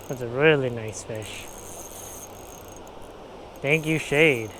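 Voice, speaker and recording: A young man filming himself fishing outdoors at a spillway, talking casually and bursting into excited exclamations, recorded on an action camera. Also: medium pitch, slow, pauses often, a little hiss or hum. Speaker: fishing vlogger. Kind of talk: casual on-the-spot commentary.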